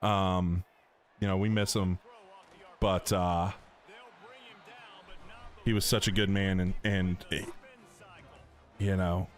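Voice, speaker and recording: A man's voice: deep voice, little pitch movement, takes it slowly, long pauses. A middle-aged man from North Carolina, chatting casually and joking with viewers on a gaming stream. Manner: chatty, joking, slangy, reads chat aloud. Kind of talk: casual live-stream chat.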